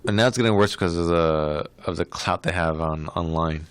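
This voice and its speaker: A man's voice: sits low, fairly quick, clean tone. A man co-hosting a podcast, chatting casually with dry, teasing banter. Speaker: podcast co-host.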